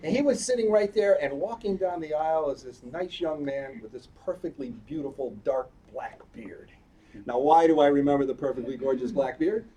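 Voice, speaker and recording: A man's voice: fairly high pitch, fairly quick, mellow. A man in his eighties, a cantor, telling a chatty, playful story during a synagogue service and asking the children questions as he goes. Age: 80s. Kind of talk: storytelling sermon to a congregation. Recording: distant live-stream audio with faint background noise.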